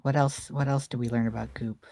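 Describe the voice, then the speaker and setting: A woman's voice: very deep voice, fairly even intonation, brisk, gravelly, dark tone, no room sound. A woman player talking casually, playful and often stumbling over words. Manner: stammering, playful. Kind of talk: casual chat between players.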